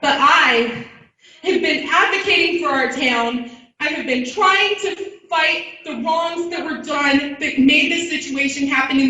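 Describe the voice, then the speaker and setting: Defensive woman, slow, very echoey. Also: sits high, bright, forceful tone, slight background noise. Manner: defensive, firm. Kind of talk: public comment at a town meeting. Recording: dull, very echoey distant sound.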